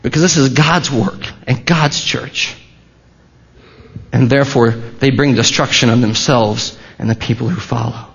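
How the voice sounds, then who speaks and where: A man's voice: mid-range voice, unhurried, gravelly. A man preaching a sermon as a pastor, in a conversational way with restarts and asides. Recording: dull, lo-fi sermon recording.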